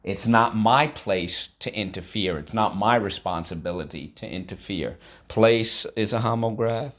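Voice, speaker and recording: A man's voice: on the low side, unhurried. A male teacher leading a classroom vocabulary lesson, breaking words into syllables and having students repeat them, with casual asides and frequent okays.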